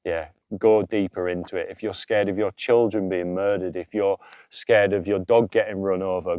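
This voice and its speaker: A man's voice: on the low side, mellow, clear, resonant tone, no room sound. A man co-hosting a casual podcast outdoors by a campfire, talking earnestly about emotional healing, swearing freely and often adding "you know". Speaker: podcast co-host. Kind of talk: casual spiritual chat.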